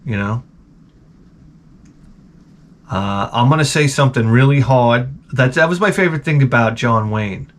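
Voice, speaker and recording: This man hosts his own channel, and his mid-range voice keeps a measured pace with frequent pauses. His casual rant is a string of rambling, crude comic stories in which he keeps interrupting himself.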